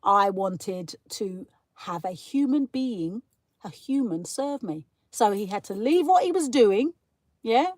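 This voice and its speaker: A woman's voice: medium pitch, expressive, slow, a little mellow, dry recording. A British woman hosting a casual live stream, chatting and ranting as she answers viewer comments. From Britain. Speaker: livestream host.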